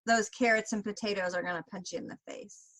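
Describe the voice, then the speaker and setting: A woman's voice: mid-range voice, fairly even intonation, fast talker, fairly bright tone, rough recording. A woman co-hosting a podcast, talking casually with many fillers and easy laughs. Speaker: podcast co-host. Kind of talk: casual chat.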